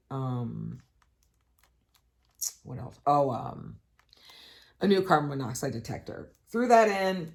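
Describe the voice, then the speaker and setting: A middle-aged woman telling a casual, chatty story as a vlogger, swearing now and then when exasperated. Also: sits low. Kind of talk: casual chat.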